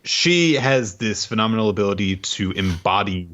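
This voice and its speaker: A man with a very deep voice and a bright edge chatting as a podcast co-host, and his pitch swings widely. He sums things up loosely with plenty of ums and asides. The recording sounds dull and lo-fi. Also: animated, normal speed. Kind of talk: casual chat, summarizing the story. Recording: dull lo-fi mic.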